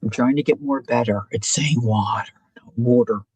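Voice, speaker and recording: A woman's voice: extremely low pitch, brisk, darkish tone, breathy edge, no room sound, low-quality recording. A woman hosting a craft live stream, chatting casually and musing aloud about her choices as she works, often asking her viewers what they think. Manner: chatty, muses aloud, asks viewers questions.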